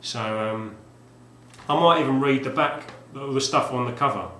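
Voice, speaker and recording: A man's voice: mid-range voice, moderate pace, sharp tone. A man talks casually about a game he bought. He rambles and often restarts his sentences. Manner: rambling, with many fillers and restarts. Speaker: retro game collector vlogger. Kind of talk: casual video talk. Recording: roomy echo, faint background hum.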